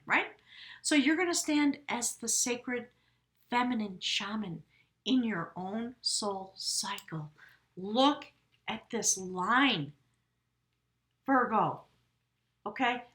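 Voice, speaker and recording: This tarot reader's voice is fairly bright and on the high side. Her casual reading is effusive and rambling, aimed directly at viewers, with plenty of mid-sentence self-corrections.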